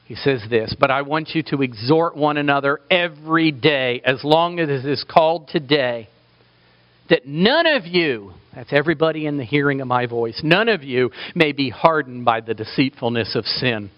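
A man's voice: medium pitch, normal speed, few pauses, no echo, dull audio. A man preaching a sermon with passion, building to emphatic peaks. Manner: impassioned, rising to emphatic peaks.

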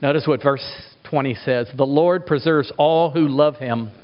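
A middle-aged man preaching a sermon as a pastor, emphatic, asking rhetorical questions and swinging his pitch for effect. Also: unhurried. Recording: dull lo-fi recording.

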